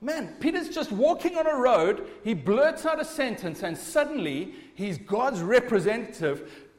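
Guy preaching a sermon, kinda high voice, lots of hall echo, keeps asking the crowd questions. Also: sing-song, unhurried. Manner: emphatic, asks the audience rhetorical questions. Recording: long hall reverb.

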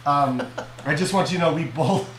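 A man hosting a comedy podcast with a hoarse, worn voice, talking loudly and animatedly as he jokes and teases. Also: on the high side, moderate pace, a little hiss or hum. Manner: loud, animated joking and teasing. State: hoarse from losing his voice. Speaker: podcast host. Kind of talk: comedic casual chat. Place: indoor room, on camera. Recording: echoey room.

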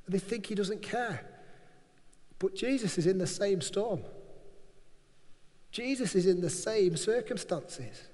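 Male preacher, high-pitched, repeats key lines for emphasis, reverberant hall sound. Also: lively intonation, slow, pauses often, a little mellow. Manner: emphatic, repetitive preaching with acted-out quotes. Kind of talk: sermon.

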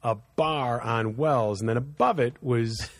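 A man telling stories in a casual chat, animated and laughing often as he acts out the people in them. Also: mid-range voice, unhurried, no room sound.

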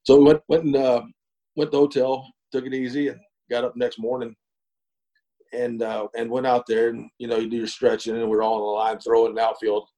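A middle-aged man spins a long, folksy yarn as an interview guest. His voice is mellow and relaxed, in the middle of the male pitch range. He talks unhurriedly, with plenty of fillers and chuckles along the way. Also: brisk, low-quality recording. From East Texas. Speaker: guest, former pro baseball pitcher. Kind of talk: casual storytelling interview.

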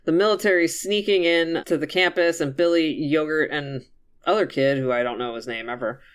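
A young man casually recapping a movie plot on a podcast, animated and profane, laughing often. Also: fairly high pitch, moderate pace, clear, resonant tone. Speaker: podcast host.

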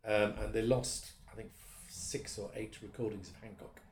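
A middle-aged voice actor, chatting in an interview in a self-deprecating way, laughing often. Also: male voice, fairly low pitch, steady tone, moderate pace, a little mellow, a little hiss or hum. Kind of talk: casual interview chat. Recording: roomy echo.

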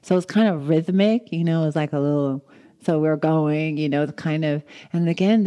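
A woman giving a dharma talk, telling a personal story in an animated way and acting out her own thoughts with laughter. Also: deep voice, fairly quick, highs cut off. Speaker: meditation teacher.

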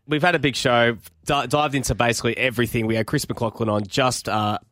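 A man's voice: medium pitch, steady tone, brisk, a bit bright, no echo, studio quality. A man hosting a football podcast in casual chat, upbeat and rambling with fillers. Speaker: podcast host. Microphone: podcast microphone.

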